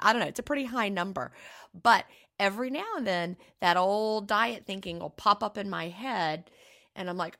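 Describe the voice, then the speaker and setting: A woman's voice: mid-range voice, moderate pace, creaky, pushed and bright. A middle-aged woman co-hosting a podcast, talking in an earnest, reassuring and personal way in casual chat. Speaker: podcast co-host.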